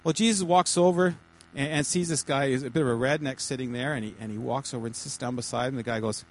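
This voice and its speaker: A man, a pastor, giving informal teaching to a small church group in a halting, chatty way, with many repeated words and restarts. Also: medium pitch, fairly even intonation, low-quality recording. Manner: chatty, jokey asides.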